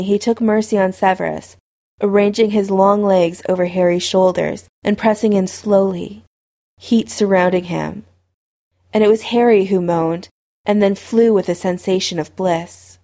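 A woman reading a fan fiction story aloud at a steady, unhurried pace. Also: medium pitch. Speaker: narrator.

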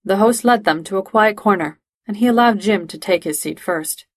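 A woman reading fan fiction aloud in a steady, measured storytelling voice. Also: medium pitch, dry recording. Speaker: reader.

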